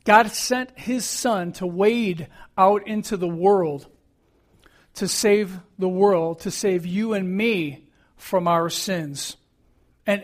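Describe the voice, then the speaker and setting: A middle-aged man preaching a sermon as pastor, earnest and emphatic, repeating key phrases. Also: high voice.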